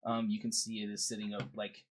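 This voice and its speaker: A man's voice: fairly low pitch, completely flat delivery, fairly quick. A man narrating as game master of a tabletop game, laughing often and rambling loosely.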